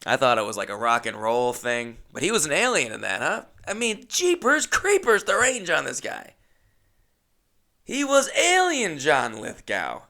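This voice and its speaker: A man's voice: mid-range voice, huge pitch swings, normal speed, bright, forceful tone. A man hosting a solo podcast, rambling casually with chatty, self-mocking asides. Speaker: podcast host.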